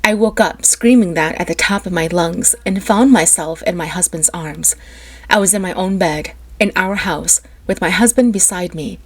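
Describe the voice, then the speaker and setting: A woman's voice: fairly low pitch, normal speed, slightly rough. A woman narrating a first-person story with an emotional, dramatic delivery.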